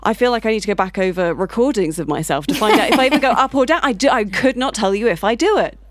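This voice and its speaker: A woman's voice: fairly high pitch, animated, fast talker, dry recording, studio quality. A woman hosting a show, chatty and laughing easily as she interviews a guest. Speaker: radio show host.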